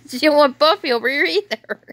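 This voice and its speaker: At home indoors, a woman films her dogs on a phone and talks to them in playful baby talk, chuckling along. Her voice is high, and there is a little hiss or hum.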